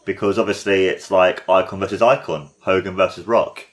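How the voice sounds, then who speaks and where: A young man hosts a casual watchalong and talks in a slightly low voice. He gushes and rambles with plenty of excitement. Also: normal speed. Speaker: podcast host.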